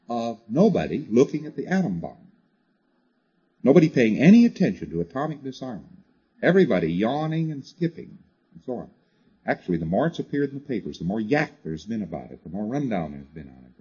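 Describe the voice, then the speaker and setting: Husky-voiced man lecturing a class. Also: mid-range voice, mellow, highs cut off. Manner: conversational, drives points home with repetition and "you see" asides.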